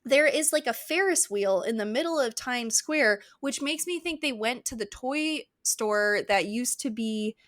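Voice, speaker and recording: A woman's voice: fairly high pitch, animated, unhurried, hardly any pauses, fairly bright tone, dry recording, clean studio sound. Chatty woman co-hosting a book podcast. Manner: chatty, rambling, swears and laughs. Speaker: podcast co-host. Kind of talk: casual book-recap chat.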